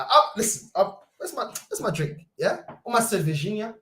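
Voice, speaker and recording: A young man, hosting a football fan livestream with loud, mocking banter and rapid-fire rhetorical questions. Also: sits high, big pitch swings. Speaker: host. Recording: roomy echo.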